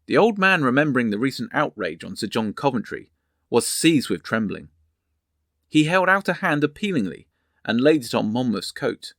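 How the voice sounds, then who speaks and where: A man narrating a history lesson, reading from sources and a novel in a measured storytelling way. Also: mid-range voice, sing-song, a bit bright, no room sound, clean studio sound.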